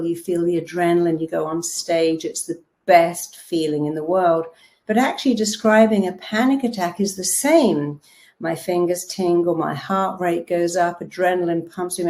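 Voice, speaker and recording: A woman's voice: lowish voice, warm tone. A middle-aged woman therapist giving a motivational talk, telling stories with animation and acting out the voices she quotes.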